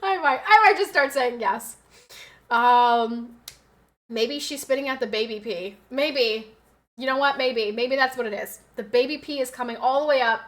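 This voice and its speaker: A young pregnant woman streaming, chatting with her viewers in a loud, excitable, fast-talking way. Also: sits high. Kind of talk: casual chat with live viewers.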